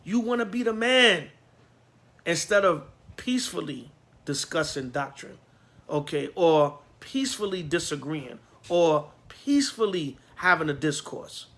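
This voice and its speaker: A man's voice: high voice, sing-song, measured pace, pauses often, bright, forceful tone. A man preaching a scripture lesson as priest, emphatic and streetwise, scolding his listeners. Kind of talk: sermon.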